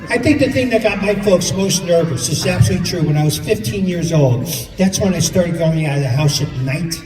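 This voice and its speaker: A middle-aged man doing stand-up comedy, telling family stories in an animated way on a stage in a large hall. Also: sits high, fairly quick, far from the mic, over music, a crowd in the background. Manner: animated storytelling, playing family members. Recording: echoey hall from afar, audience laughter.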